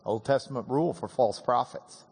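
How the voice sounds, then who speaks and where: A man's voice: mid-range voice, moderate pace, darkish tone, husky. A man preaching a sermon, telling the story with humor and emphatic swings. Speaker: pastor.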